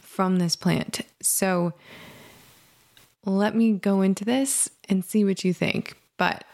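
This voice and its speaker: A woman in her thirties hosting a meditation podcast, talking in a gentle, rambling, reflective way, her voice a little scratchy from allergies. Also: medium pitch, steady tone, slow. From Michigan, USA. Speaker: podcast host. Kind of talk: casual meditation podcast intro.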